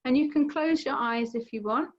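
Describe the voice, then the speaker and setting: A middle-aged woman gently guiding a mindfulness session over a video call, explaining with everyday examples. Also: high-pitched, moderate pace. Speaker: mindfulness teacher. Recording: slightly dull video call audio.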